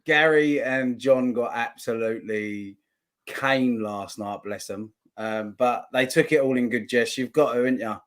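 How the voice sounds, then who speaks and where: A man's voice: mid-range voice, measured pace. A man co-hosting a casual football chat, joking and matey with his co-host.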